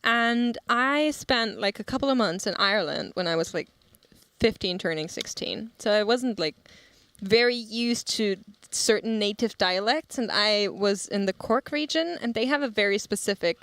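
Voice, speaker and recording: A woman's voice: medium pitch, expressive, normal speed, a bit bright, clean tone, no room sound. A young woman who grew up bilingual in German and English, chatting casually and telling stories on a game stream. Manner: chatty storyteller, laughs often. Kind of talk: casual stream co-commentary chat.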